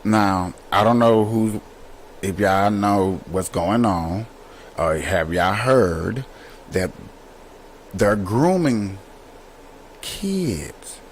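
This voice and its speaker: A man talking straight to his viewers in a slow, deliberate way. His voice sits fairly low but moves around a lot, and he leans on words for emphasis. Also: animated, a little hiss or hum, rough recording. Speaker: host. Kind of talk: commentary to viewers.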